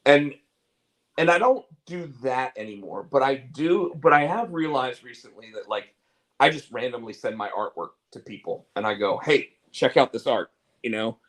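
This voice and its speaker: With a medium-pitched, slightly bright voice and lively intonation, a man talks at a moderate pace on a low-quality recording. He's a co-host on a casual talk show, rambling candidly through fillers, repeated words, and restarts, and he swears.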